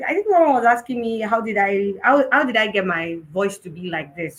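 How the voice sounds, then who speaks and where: A woman's voice: medium pitch, lively intonation, moderate pace, hardly any pauses, a bit bright, poor audio. A young Nigerian woman hosting a live conference talk, telling a personal story with laughs and Yoruba phrases mixed in. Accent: Nigerian, Yoruba-influenced. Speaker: host.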